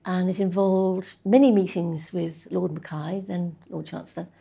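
An older woman in an interview, telling stories about her research career in a chatty, anecdotal way, with soft laughs and frequent pauses. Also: fairly low pitch, steady tone, creaky, breathy edge. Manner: anecdotal, chuckling, with frequent ums and restarts. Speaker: interviewee, social policy researcher. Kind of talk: reflective conversational interview.

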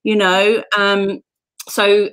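A woman's voice: mid-range voice, monotone, extremely slow, fairly bright tone, clean tone. A woman from southern England hosting a casual live-stream chat, chatty and enthusiastic with casual swearing. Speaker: host.

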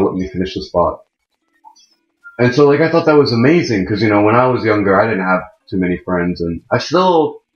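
A young man of about eighteen hosting a let's play, giving chatty, rambling commentary that keeps correcting itself. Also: fairly low pitch. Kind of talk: casual gameplay commentary. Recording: muffled mic in a wrong jack, echoey room. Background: faint game music.

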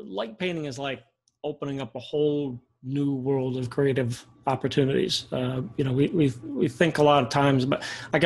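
A man, a guest photography instructor, explaining in a relaxed interview chat and pausing often with fillers. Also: medium pitch, rough recording. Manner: relaxed, many fillers and restarts. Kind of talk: casual interview talk.

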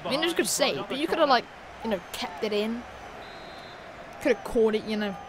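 Excitable high-voiced gamer. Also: male voice, a little fast, crowd noise. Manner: excitable, chatty, bursts into shouts at big plays. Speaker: gaming streamer. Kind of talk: casual let's-play gaming chat. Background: game music and stadium sound.

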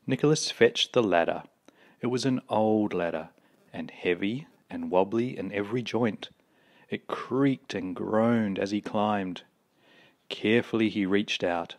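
A man reading a children's picture book aloud, with slow, expressive storytelling. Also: fairly low pitch.

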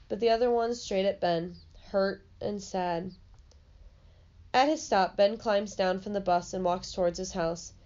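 A woman reading a children's chapter book aloud, pausing to explain lessons plainly, in a slightly muffled recording. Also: mid-range voice, darkish tone. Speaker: storybook reader.

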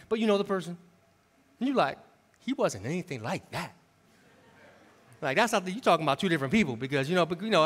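Associate pastor, male, high voice, storytelling sermon that moves from loud to hushed. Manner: animated storytelling, conversational with the congregation; swings from loud preaching to hushed, intimate tones. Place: church sanctuary.

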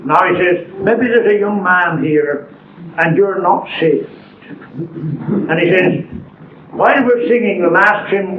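An older man gives an earnest sermon testimony, taking his time over the key words. His voice sits fairly high for a man and comes from far back in a roomy church. The recording is thin and phone-like, with a faint hiss underneath. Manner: earnest, storytelling, slow deliberate emphasis. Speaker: preacher.

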